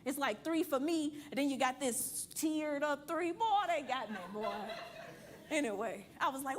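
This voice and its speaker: A woman's voice: high voice, moderate pace, a little hiss or hum. A woman teaching a church money class, blunt and playful, quizzing and coaching the room. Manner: blunt, playful, preachy, calls and asks the room.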